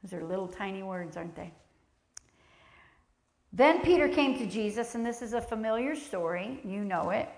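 A woman's voice: medium pitch, expressive, normal speed, pauses often, echoey room. A woman preaching a sermon in a church sanctuary, reading scripture aloud, speaking earnestly and with emphasis, and asking the congregation questions.

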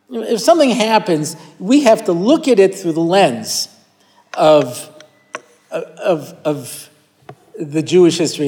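A man's voice: on the high side, a little mellow. A man giving a Torah class who tells stories and acts out quoted voices, often restarting his phrases, recorded in a hall with a live audience. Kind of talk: Torah lecture with storytelling. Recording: long hall reverb.

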